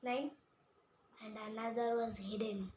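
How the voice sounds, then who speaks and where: A woman from India, retelling a picture book in a halting way and repeating words. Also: a little high, fairly even intonation, a little mellow. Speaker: storyteller. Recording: echoey room with faint hum.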